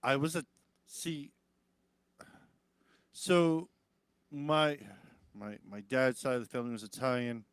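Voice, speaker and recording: A man's voice: mid-range voice, lively intonation, slow pace, pauses often, smooth, dry recording. A man hosting a live-stream talk show, rambling casually and swearing, lifting his voice to mimic others. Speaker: podcast host.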